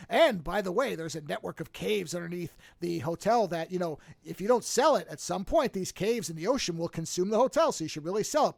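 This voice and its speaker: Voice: mid-range voice, gravelly, no echo. A podcast host casually retelling a movie plot and acting out the characters' lines in different voices. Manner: animated, acts out quotes with shifting voices.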